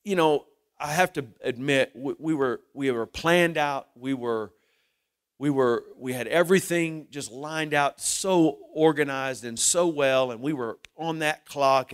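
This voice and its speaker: A middle-aged male pastor preaching a sermon in an earnest way, rising loud and then dropping low and emotional.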